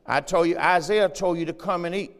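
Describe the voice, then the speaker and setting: Preaching pastor in a reverberant hall. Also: male voice, high voice, fairly quick. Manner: preaching with call-and-response asides; reads scripture aloud in a raised voice. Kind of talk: sermon. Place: church.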